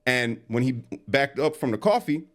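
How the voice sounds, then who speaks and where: A man guest telling an animated story in casual talk. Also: medium pitch. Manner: animated, quick storyteller who acts out quotes. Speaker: interview guest.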